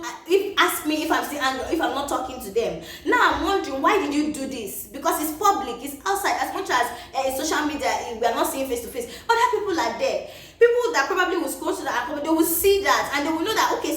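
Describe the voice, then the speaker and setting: A woman's voice: sits high, slight background noise. A woman with a Nigerian accent talking to her viewers in a casual vlog monologue, emphatic and full of rhetorical questions. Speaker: vlogger. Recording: echoey room, voice from a distance from the mic.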